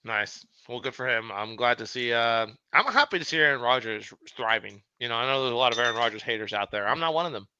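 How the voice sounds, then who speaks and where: A man co-hosting a casual sports podcast, excitable and swearing freely, with quick asides. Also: medium pitch, smooth, no echo, lo-fi sound. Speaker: podcast co-host.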